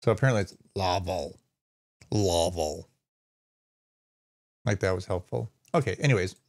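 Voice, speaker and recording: A man's voice: lowish voice, rapid-fire, vocal fry. A man hosting a live stream, casually reading a news story aloud, rambling and stumbling over names, sometimes swearing. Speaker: streamer host.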